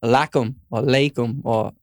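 A man co-hosting a podcast in casual chat, teasing and swearing freely, often clearing his throat. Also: mid-range voice, fairly even intonation, unhurried, no room sound, studio quality. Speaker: podcast co-host.

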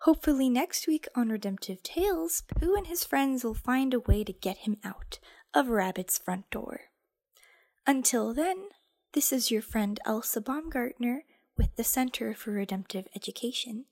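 Gravelly-voiced woman host. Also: on the high side, lively intonation, normal speed, darkish tone. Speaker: program host. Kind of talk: radio program sign-off.

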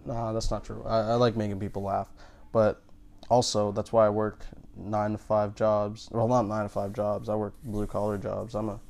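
Rambling, stammering lower-voiced man. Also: vocal fry, darkish tone. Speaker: comedian. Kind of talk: casual comedic podcast chat.

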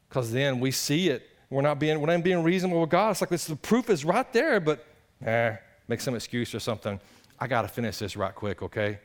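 A man preaching a sermon, animated and conversational, swinging between loud exclamations and hushed earnest passages. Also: medium pitch. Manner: conversational, addresses the congregation directly. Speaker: pastor.

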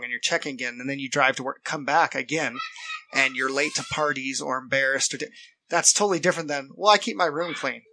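A man's voice: mid-range voice, sharp tone, no room sound. A man co-hosting a podcast, talking earnestly in casual chat and acting out what other people say. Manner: earnest, quotes others in put-on voices. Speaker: podcast co-host.

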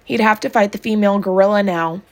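A woman reading a children's novel aloud in a calm, even storybook narration. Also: mid-range voice, fast talker. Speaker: audiobook reader.

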